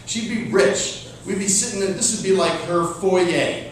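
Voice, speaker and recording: A man's voice: high-pitched, normal speed, slight background noise. A man giving a comic motivational talk to a real estate group, joking and acting out clients and himself in playful voices. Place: meeting room with an audience. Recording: echoey hall from far off with an audience.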